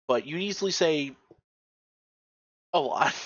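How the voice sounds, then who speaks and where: A man's voice: fairly high pitch, animated, slow pace. A man narrating as game master of a tabletop game, rambling with many fillers and restarts, on a dull lo-fi recording. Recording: dull lo-fi sound.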